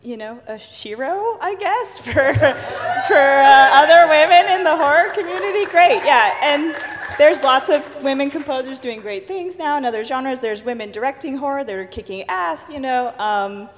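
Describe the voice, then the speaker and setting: A woman composer on a convention panel, telling stories in an animated way with frequent laughter. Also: high-pitched, normal speed, crowd noise. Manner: animated, laughs often, acts out quotes. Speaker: panel guest, horror film composer. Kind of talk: live panel storytelling. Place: large convention stage hall. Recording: reverberant stage hall.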